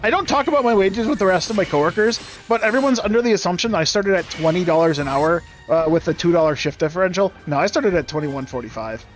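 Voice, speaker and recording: A man's voice: sits high, lively intonation, fast, hardly any pauses, soft background music. A young man streaming a game, ranting casually in a sarcastic, profane, rambling way. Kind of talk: casual rant while gaming.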